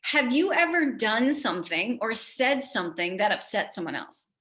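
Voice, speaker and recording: Very animated and on the high side, with a slightly bright tone at normal speed, a middle-aged American woman delivers a motivational keynote. She jokes, keeps it conversational, and often quizzes the crowd.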